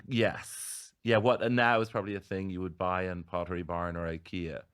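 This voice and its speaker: An Irish man with a very low voice chats on a podcast. He tells stories with animated bursts of energy. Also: moderate pace, clear, resonant tone. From Ireland. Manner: animated storytelling with laughs. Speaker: comedian guest. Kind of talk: casual podcast chat.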